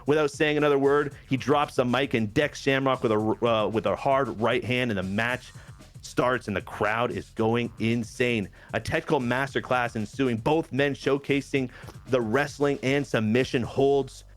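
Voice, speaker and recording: A man who is getting over a cold, casually narrating wrestling matches from a video game storyline in a lively play-by-play. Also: mid-range voice, moderate pace, faint music behind. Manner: lively play-by-play recap with asides. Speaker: game player and general manager.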